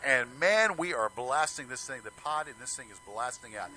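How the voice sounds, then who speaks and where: A man hosting a live radio show, bawdy and showy, jumping from loud announcements to low asides. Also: animated, moderate pace. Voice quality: showy, bawdy, swings from shouting to mumbling. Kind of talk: brash live radio banter.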